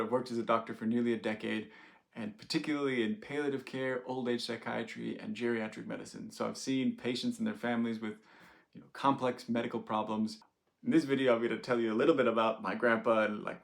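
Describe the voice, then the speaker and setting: Chatty man with a gravelly voice. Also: mid-range voice. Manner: chatty, laughs often, many "like" fillers. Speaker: doctor sharing stories. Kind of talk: casual direct-to-camera talk.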